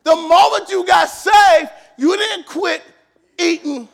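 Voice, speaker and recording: A man pastor preaching a sermon, shouting and emphatic, repeating phrases for emphasis in a church. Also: extremely high pitch, slow pace, creaky.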